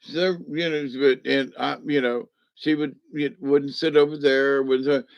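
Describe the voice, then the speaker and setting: A man's voice: mid-range voice, level tone, unhurried, no room sound, dull audio. A man telling a personal story in a casual, rambling way, folksy and meandering, with homespun slang.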